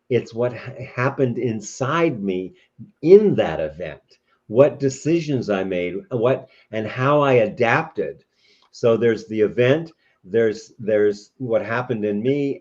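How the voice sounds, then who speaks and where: A man's voice: lowish voice, darkish tone. Interview guest, male, reflective and explanatory, dull muffled recording. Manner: thoughtful, explanatory, many restarts. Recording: dull lo-fi audio.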